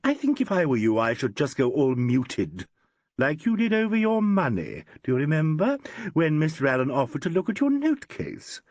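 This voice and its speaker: Man reads poised actress in an audiobook, coaxing and arch, raised lively voice, dry sound. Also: fairly high pitch, moderate pace, no room sound, muffled recording, voice pushed up. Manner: soothing, coaxing, slightly arch. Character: poised theatrical actress, woman, smoothly commanding.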